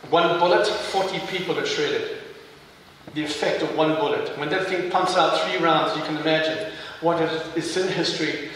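A man's voice: a little high, a bit bright, a little hiss or hum. A man with a South African accent giving an intense testimony sermon, building to fervent emphasis. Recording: echoey hall, mic heard from far off.

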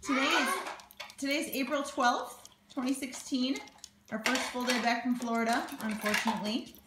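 A woman's voice: sits high, steady tone, normal speed, very noisy. A woman filming at home, coaxing her small child in a sing-song way. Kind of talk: home video chat with a toddler. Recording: echoey room with loud household clatter.

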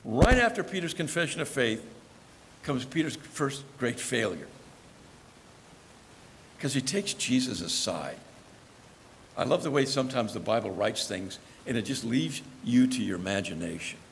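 A man's voice: mid-range voice, very animated, moderate pace, creaky, pauses often, big-room sound, a little hiss or hum. A male pastor preaching a sermon in a conversational storytelling manner, acting out the lines he quotes. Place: church.

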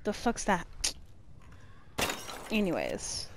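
Woman let's-player, horror game, swears constantly, slow delivery, wide pitch swings. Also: wildly swooping pitch, creaky, background noise. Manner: profane, panicky, swings from screaming to muttering. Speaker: gamer playing a horror game. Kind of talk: let's play commentary.

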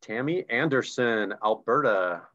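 A man's voice: mid-range voice, animated, unhurried, bright, forceful tone. A man co-hosting a live online recognition event, reading names and chatting enthusiastically about ranks over a video call. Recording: dull lo-fi video call audio.

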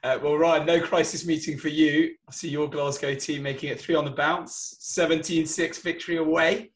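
A man's voice: a little high, steady tone, normal speed. A man hosting a casual sports podcast, putting questions to his guests and steering the chat. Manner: asks questions to set up topics. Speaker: podcast host.

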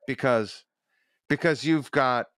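Man, smooth clear voice, dry close sound, podcast host, slow halting questions. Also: mid-range voice, a bit bright, no echo. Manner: slow, searching, halting phrasing. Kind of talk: casual interview.

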